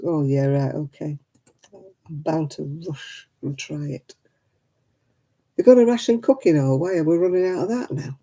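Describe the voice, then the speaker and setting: A woman's voice: low-pitched, measured pace, dark tone. A tired woman, hosting a casual livestream and chatting with her viewers by name. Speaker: livestream host.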